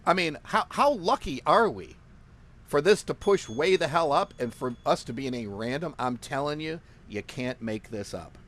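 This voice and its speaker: An excitable man who laughs a lot. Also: on the high side, moderate pace. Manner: excitable, boastful, laughs often; emphatic, repeats phrases for punch. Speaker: forex trading instructor. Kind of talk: live trading screen walkthrough.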